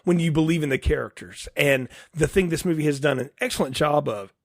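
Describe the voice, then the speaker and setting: A man's voice: a little high, brisk, no echo, clean studio sound. A man co-hosting a film podcast in casual chat, enthusiastic and quoting characters. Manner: conversational, enthusiastic, quotes characters. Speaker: podcast co-host.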